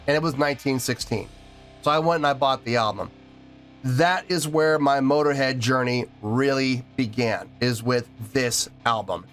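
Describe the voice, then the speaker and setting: A man's voice: mid-range voice, fairly bright tone. A man hosting a music reaction video, talking in an earnest, rambling way and repeating himself, choked up and teary. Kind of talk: casual reaction video talk.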